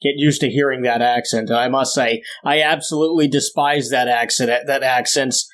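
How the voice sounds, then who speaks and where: A young man co-hosting a podcast in casual chat, ranting with exaggerated disdain and climbing higher as he gets worked up. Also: fairly even intonation, normal speed, fairly bright tone. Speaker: podcast co-host.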